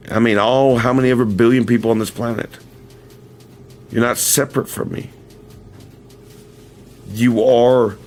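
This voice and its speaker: Speaking in a mid-range voice into a camera mic, a man hosts a casual livestream. He tells a meandering story, often correcting himself and chuckling, then shifts to earnest, direct words for his viewers.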